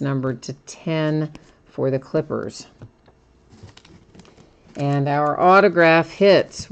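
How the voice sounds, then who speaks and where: A woman with a notably low voice runs a live card-break stream. She talks in a chatty, easygoing way, listing cards and dates one after another. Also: a little mellow. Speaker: sports card break host. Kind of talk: live stream product recap.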